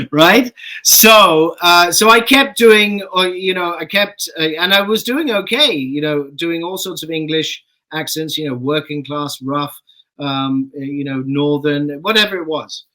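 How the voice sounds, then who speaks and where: A middle-aged man from Canada, a guest actor telling stories in a relaxed, chatty way, laughing and swearing casually. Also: fairly high pitch, measured pace, poor audio. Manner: relaxed anecdotal storytelling, laughs and swears freely. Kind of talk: casual interview chat.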